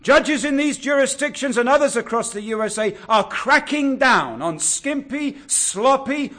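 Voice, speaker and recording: A man preaching a sermon, earnest and exhortative, drawing out key words slowly. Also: extremely high pitch, a bit bright. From England.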